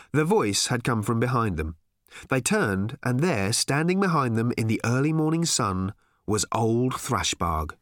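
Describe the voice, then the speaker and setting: A man reading a comic novel aloud as an audiobook narrator, expressive and wry. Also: mid-range voice, measured pace, no room sound, clean studio sound. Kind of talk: scripted narration.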